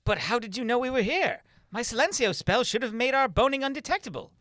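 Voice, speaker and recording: A man's voice: very high-pitched, animated, fast talker, bright, forceful tone, dry recording, clean studio sound, heavily acted. A man voicing a cocky young male wizard student in a shaky put-on British accent. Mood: puzzled.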